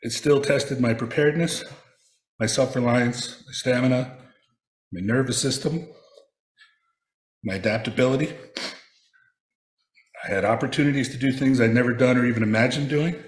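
A man reading a prepared personal reflection aloud, telling stories in a measured way with touches of wry humor. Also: mid-range voice, reverberant. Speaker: speaker sharing a personal reflection.

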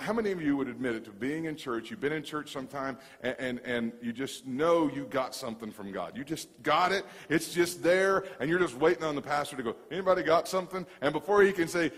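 A man preaches in a church, and his voice rings out in the hall's long reverb. He tells a story with lively energy, stumbles over repeated words and acts out every line of dialogue. His voice sits a touch higher than most men's. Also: moderate pace. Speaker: pastor. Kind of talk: sermon.

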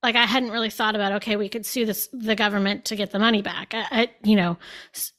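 A woman's voice: medium pitch, fairly even intonation, fast talker, fairly bright tone. A woman co-hosting a casual political chat, conversational and wry. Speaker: podcast co-host.

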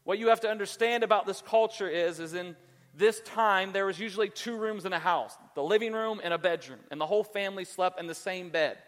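A man preaching a sermon as pastor, animated and acting out voices in the story. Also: high voice, brisk, in a large hall.

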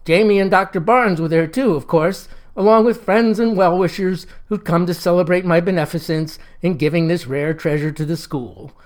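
Man, narrator, folksy, wry, deadpan, first-person storytelling. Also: sits high, moderate pace, few pauses.

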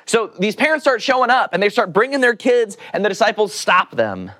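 A man's voice: high voice, fairly quick. A man preaching a casual sermon, joking with his listeners, asking them questions and acting out the voices in the story. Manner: animated, joking, asks the audience questions; acts out quoted voices.

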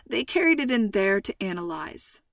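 A woman reading aloud, voicing a calm, reassuring middle-aged father with a teasing sense of humor. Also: medium pitch, normal speed, no room sound, clean studio sound. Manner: reassuring, playful.

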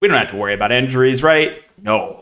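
Recorded on a camera pointed at him, a man talks quickly through solo fantasy sports commentary in a casual style. Exasperated and sarcastic, he drops "right?" again and again while veering between quiet grumbling and loud bursts.

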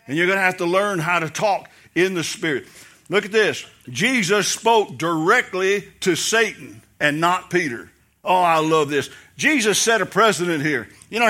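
A man's voice: high-pitched, bright, forceful tone. A man preaching a sermon as pastor, telling stories and acting out voices in the quotes. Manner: storytelling preacher, acts out quotes, laughs.

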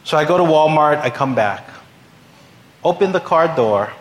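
A man's voice: on the high side, lively intonation, moderate pace, pauses often. A male pastor telling a humorous story in a sermon, acting out the voices of the people in it. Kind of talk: sermon anecdote.

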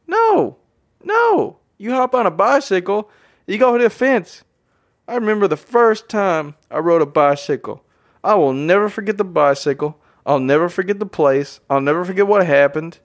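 A man hosts a motivational podcast, delivering an energetic monologue, repeating phrases for emphasis and calling his listeners "guys." His voice is high-pitched and he talks at a normal speed.

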